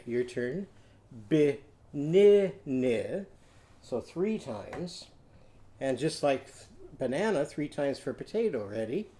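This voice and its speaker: A man's voice: medium pitch, sing-song, a little slow, mellow. A man teaching a children's literacy lesson, leading call-and-response and drawing out syllables for kids to repeat.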